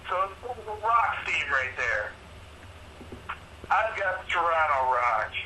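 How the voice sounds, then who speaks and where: A man's voice: fairly high pitch, sing-song, takes it slowly, pushed and bright, a little hiss or hum, rough recording. A man co-hosting a sports picks show in casual banter, joking and mock-indignant as he makes his picks.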